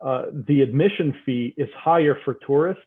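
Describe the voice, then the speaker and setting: A man's voice: medium pitch, normal speed, slightly rough. Dry-teasing American man on tinny line. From United States. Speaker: podcast co-host. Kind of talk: casual chat. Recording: tinny phone-like line with faint hiss.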